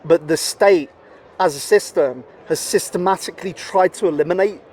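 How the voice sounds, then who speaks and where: A man's voice: high voice, moderate pace, a little mellow, a little hiss or hum. A man talking as a podcast guest in casual conversation, rambling with many fillers and swearing bluntly. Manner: rambling, heavy with "you know" and "like" fillers.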